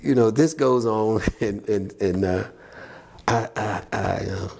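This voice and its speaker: A man's voice: on the low side, a little slow, a little mellow. A man as a podcast guest, telling his faith testimony in an earnest, reflective, conversational way and acting out what people said. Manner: earnest, reflective, retells scenes by voicing people.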